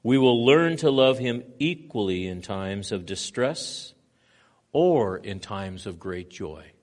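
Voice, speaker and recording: A man pastor preaching a sermon, moving between loud emphatic stretches and quiet hushed passages. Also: on the low side, animated, takes it slowly.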